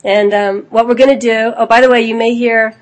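A woman with a cold, her voice low and husky. She hosts an online spiritual gathering from a computer at home, talking in a loose, chatty way full of fillers and small asides. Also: flat delivery, fairly quick. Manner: chatty, informal, with frequent fillers and small laughs. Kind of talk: casual address to an online group.

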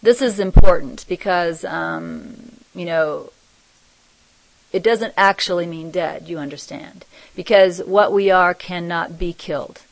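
A woman teaching a spiritual group, reading channeled messages aloud and commenting on them in a soft, reflective way. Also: on the low side, measured pace, dry recording, low-quality recording. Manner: soft-spoken, reflective, often laughing.

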